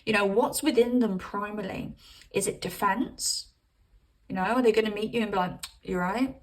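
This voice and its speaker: A woman's voice: mid-range voice, steady tone, normal speed, recorded from a distance, poor audio. A woman giving a casual tarot reading, chatty and rambling, cursing casually and calling her viewers babes. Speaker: tarot reader.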